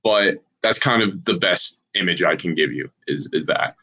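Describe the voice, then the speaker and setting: Low-voiced man rambling with restarts. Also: bright, forceful tone, slight background noise, low-quality recording. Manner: halting, many restarts and swearing. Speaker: podcast guest explaining a theory. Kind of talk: casual group chat on a call.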